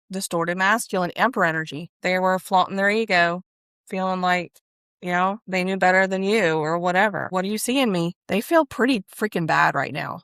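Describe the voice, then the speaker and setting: A woman giving a casual spiritual tarot card reading, chatty and expressive, now and then excited or close to tears as cards come up. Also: fairly low pitch, no room sound. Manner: chatty, Southern-tinged "y'all", breaks into laughs and excited exclamations.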